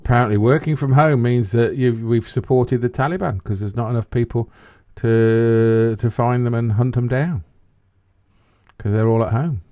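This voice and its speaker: A man co-hosting a podcast in loose, animated, sweary chat that rambles from point to point. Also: mid-range voice, normal speed, muffled recording. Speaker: podcast co-host. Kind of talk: casual banter podcast.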